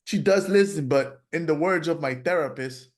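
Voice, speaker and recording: A man's voice: on the high side, moderate pace. A man hosting a podcast, speaking candidly and reflectively and acting out the things he tells himself. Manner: candid, self-reflective, acts out his inner voice. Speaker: podcast host. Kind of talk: casual conversation.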